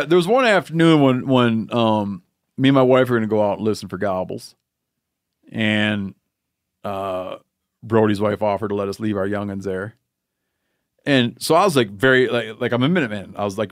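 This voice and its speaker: A man's voice: on the low side, moderate pace, no room sound, studio quality. A man hosting a podcast, telling a rambling, playful story in casual chat. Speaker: podcast host.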